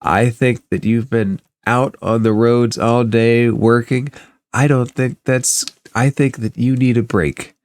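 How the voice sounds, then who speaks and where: A man's voice: medium pitch, steady tone, takes it slowly, a little mellow, dry recording. A man voicing a hospitable female innkeeper in a tabletop game, motherly in manner. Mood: welcoming. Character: warm welcoming female innkeeper.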